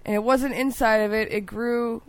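A woman co-hosting a podcast, weak and hoarse after surgery, blunt and sardonic with swearing. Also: fairly high pitch, fairly even intonation, normal speed, no echo. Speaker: podcast co-host. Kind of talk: casual comedic chat.

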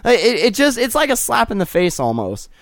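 Ranting, profane man with a high voice. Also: huge pitch swings, fairly quick, dry recording, studio quality. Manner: profane, ranting, mocks with put-on quoted voices. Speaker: podcast co-host. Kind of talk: casual chat.

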